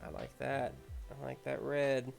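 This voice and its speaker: A man hosting a casual livestream, muttering quietly to himself as he concentrates on painting a miniature. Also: mid-range voice, monotone, measured pace, creaky, soft background music. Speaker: host.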